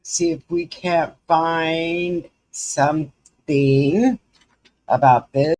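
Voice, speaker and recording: A woman's voice: sits low, fairly even intonation, extremely slow, a little mellow. A woman with a Southern US accent hosting a live stream from home, chatting folksily with viewers. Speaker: livestream host. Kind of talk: casual live commentary.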